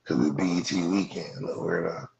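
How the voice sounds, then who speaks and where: Brief: deep male streamer, Los Angeles Black English, profane roast, keeps saying "blood", lo-fi sound. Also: fairly even intonation, brisk, creaky, a little mellow. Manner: profane, mocking, repeats "blood" constantly. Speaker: livestream host. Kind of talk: roasting callers on a livestream. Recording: dull lo-fi stream audio.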